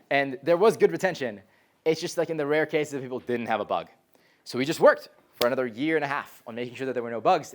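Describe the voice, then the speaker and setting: A young man giving a live talk to a college class as a startup founder, telling stories in a lively way, full of "like" and "um," and acting out quoted voices. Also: medium pitch. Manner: lively storyteller, frequent "like" and "um", animated quoted voices.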